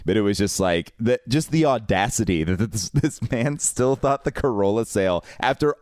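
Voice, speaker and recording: A man with a lowish voice that swings up and down as he retells a story, full of fillers and quoted asides. The sound is close and dry. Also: moderate pace, no room sound. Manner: rambling, animated retelling with many fillers. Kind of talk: casual storytelling chat.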